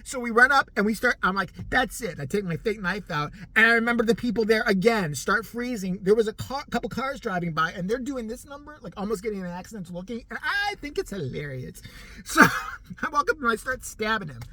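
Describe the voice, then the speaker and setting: A middle-aged man telling a story casually to the camera, animated and profane, laughing often as he goes. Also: high voice, a little fast. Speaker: vlogger.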